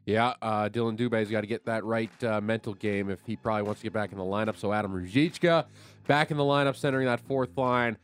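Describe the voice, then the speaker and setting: A man's voice: on the low side, quick pace, clear, resonant tone. A man hosting a sports radio show, recapping hockey plays in a conversational way with many fillers. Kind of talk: casual sports talk recap.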